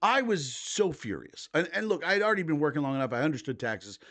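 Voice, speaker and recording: A man's voice: fairly high pitch, big pitch swings, fast, a bit bright. A man in his thirties from the United States, hosting a political livestream and ranting angrily with constant swearing. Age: 30s. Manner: angry, swears constantly, reads posts aloud mockingly. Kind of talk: profane ranting commentary.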